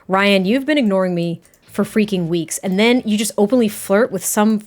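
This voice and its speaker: A woman voicing a jealous, insistent young man in improvised game dialogue, a bit lower and slower than her own voice. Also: a little mellow, natural voice.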